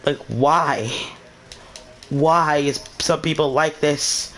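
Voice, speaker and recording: Speaking slowly in a slightly high, fairly bright voice with fairly even intonation, a young channel host rambles casually through a story. He keeps asking why, over and over, in exasperation.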